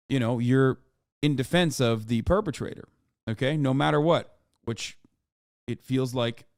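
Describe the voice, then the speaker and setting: A man's voice: medium pitch, no room sound, clean studio sound. A male streamer reading text messages aloud and commenting on them, stressing his points emphatically.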